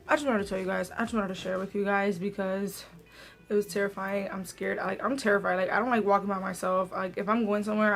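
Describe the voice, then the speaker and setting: A young woman chatting through a story for her vlog, filling her talk with "like" as she goes. Her voice sits at a middling pitch, with faint music in the background. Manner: chatty, many "like" fillers. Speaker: vlogger. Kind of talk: casual story time.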